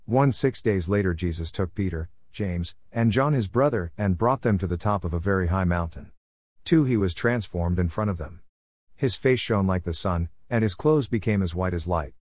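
A man reading scripture aloud in a measured way, announcing each verse number. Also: sits low, darkish tone, dry recording, clean studio sound. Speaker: Bible reader.

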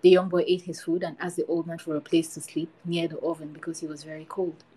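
A woman host reads a folktale aloud in a steady, unhurried way. Her voice sits low, with a mellow, husky tone. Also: rough recording. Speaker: podcast host.

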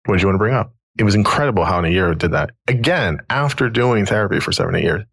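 A man's voice: lowish voice, animated, very fast, creaky, a bit bright, breathy edge, dry recording. A middle-aged man hosting a podcast, casually telling a long story and quoting others in his own voice. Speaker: podcast host.

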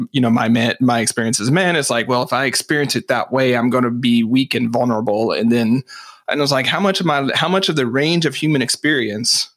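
A man's voice: mid-range voice, fairly bright tone. A man as a podcast guest, explaining ideas thoughtfully with light laughs in casual chat.

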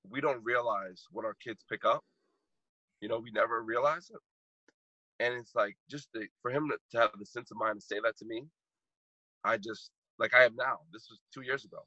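A man's voice: mid-range voice, pushed and bright, slightly rough, no echo, lo-fi sound. A man in his thirties, a podcast guest and motivational speaker, telling a heartfelt story with emphatic repetition while choked up. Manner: emphatic, repeats phrases for impact.

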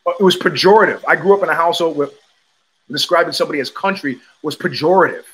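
A man hosting his own show, talking in a casual, animated monologue full of emphatic restarts. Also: fairly high pitch, quick pace, low-quality recording. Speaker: host.

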